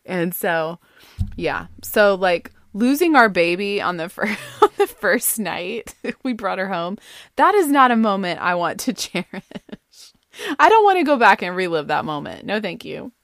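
A woman telling a personal family story in a chatty, animated way, full of fillers and quick laughs. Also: medium pitch, no room sound, clean studio sound. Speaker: storyteller sharing a family anecdote; mother.

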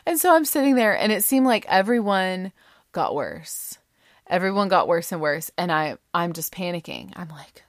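A woman telling a personal story in a casual, animated way, dropping into hushed asides. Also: lowish voice, moderate pace, dry recording, clean studio sound. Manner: animated, dramatic, slips into voices and hushed whispers.

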